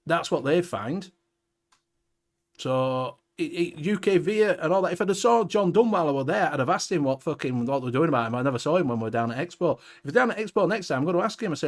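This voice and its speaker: A man's voice: a little high, animated, fast. A Welsh man hosting a casual livestream chat, ranting bluntly with heavy swearing. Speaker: show host.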